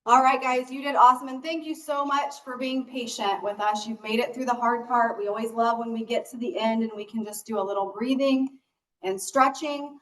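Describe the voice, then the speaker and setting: A woman leading the stretching and breathing part of an exercise class, gently and encouragingly talking people through each breath. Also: a little high, steady tone, fairly quick, recorded from a distance, low-quality recording. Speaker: exercise instructor.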